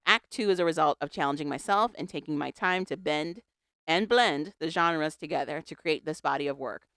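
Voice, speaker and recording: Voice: medium pitch, moderate pace, gravelly, fairly bright tone, dry recording. Dry-voiced podcast co-host reading aloud. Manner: chatty, reads statements aloud with wry asides. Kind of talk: casual pop-culture chat.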